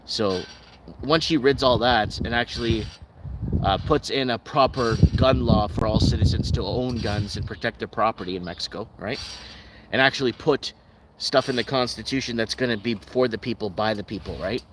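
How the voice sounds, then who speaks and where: A man's voice: medium pitch, moderate pace. Rambling man ranting on a livestream. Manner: ranting, skeptical, loose and rambling with frequent restarts. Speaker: livestream host. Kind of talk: rambling live stream chat, reading viewer comments. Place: at home in Calgary. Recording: steady background noise with passing vehicles.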